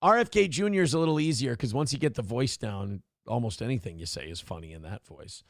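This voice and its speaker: A man's voice: medium pitch, animated, fast talker, gravelly, no echo, studio quality. A man hosting a live morning show, joking, swearing freely and reading viewer messages aloud. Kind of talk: casual live-stream talk.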